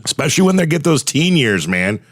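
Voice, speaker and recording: A man's voice: on the high side, very animated, brisk, no echo, studio quality. A man hosting a podcast, asking questions in a friendly, easygoing way. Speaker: podcast host. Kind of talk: casual podcast chat.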